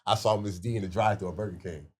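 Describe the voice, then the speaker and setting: A middle-aged man in casual podcast chat, telling stories and acting out quotes loudly. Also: low-pitched, fairly even intonation, rapid-fire, husky. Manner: storytelling, acts out quotes loudly. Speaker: podcast co-host.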